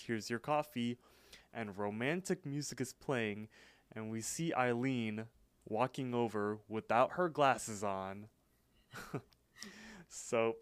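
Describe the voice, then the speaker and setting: A man co-hosting a podcast, casually recapping a cartoon episode in a relaxed, rambling way. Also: medium pitch, clean tone, no echo. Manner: relaxed storytelling with frequent fillers and laughs. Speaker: podcast co-host.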